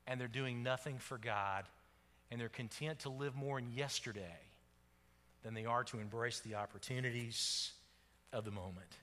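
A man preaching a sermon as pastor, swinging dramatically between loud exclamations and hushed, low passages. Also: long reverb tail.

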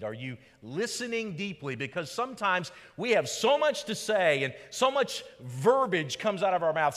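A man preaching a sermon as pastor, with dramatic swings between loud rhetorical questions and low, quiet emphasis. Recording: long hall reverb.

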